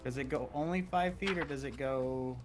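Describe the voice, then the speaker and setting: A man's voice: medium pitch, normal speed, music in the background. A man playing in a tabletop game, chatting casually and asking questions about the rules in a playful way. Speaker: player.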